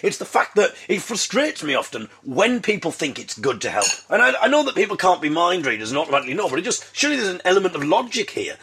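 A man's voice: high voice, very animated, fast, few pauses, fairly bright tone, slightly rough. A man hosting his own podcast, telling comic stories in a wry, self-mocking way and slipping in puns. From Britain. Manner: fond of puns. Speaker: podcast host. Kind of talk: comic monologue.

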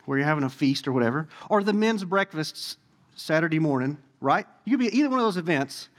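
A man in his forties gives a sermon in a church, speaking in a high voice that swings up and down with lively energy. He keeps it conversational and playful, tossing jokes and asides to the congregation between his points. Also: fast, long reverb tail. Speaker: pastor.

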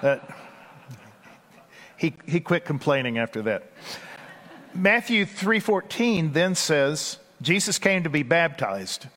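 Folksy Texan pastor, male, fairly high voice, preaching in a big echoing church. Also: a bit bright. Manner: conversational, folksy, with asides and quick bursts. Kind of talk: sermon. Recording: long hall reverb.

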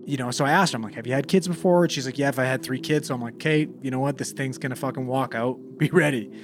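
A man's voice: mid-range voice, racing, background noise. A young man, a paramedic, casually telling a call story, swearing freely and acting out the dialogue.

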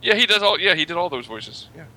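A man with a very bright, sharp-edged voice drops short jokes into the conversation. His remarks are brief punchlines and asides rather than long stretches. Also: fairly high pitch, big pitch swings, poor audio. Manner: quick wisecracks, laughing asides. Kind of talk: casual movie chat.

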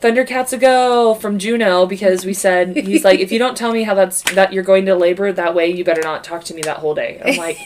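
A woman in her thirties co-hosting a podcast, telling stories in an animated way, swearing freely and laughing often. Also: mid-range voice, a little fast, few pauses, a little hiss or hum. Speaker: podcast co-host. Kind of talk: casual chat.

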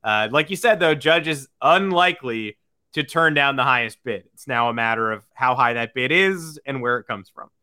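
A man's voice: medium pitch, expressive, normal speed, pushed and bright, no echo, studio quality. A man co-hosting a sports podcast in upbeat casual talk, reading out listener questions. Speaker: podcast co-host.

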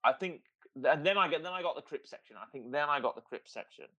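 A man co-hosting a casual podcast, chatting and joking with quick impressions. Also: on the high side, expressive, pushed and bright, muffled recording. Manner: jokey, puts on impressions. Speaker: podcast co-host. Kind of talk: casual chat review.

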